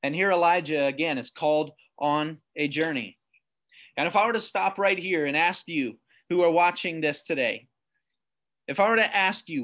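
Fairly high-voiced preacher reading scripture. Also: male voice, fairly bright tone. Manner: reads scripture aloud, slows down for emphasis, asks the listener questions. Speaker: pastor. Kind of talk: sermon to online viewers.

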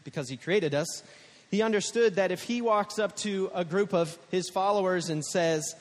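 A man's voice: sits high, normal speed, long reverb tail. A man preaching a sermon as a pastor, telling stories casually and acting out the quotes. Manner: conversational storytelling, acts out quotes.

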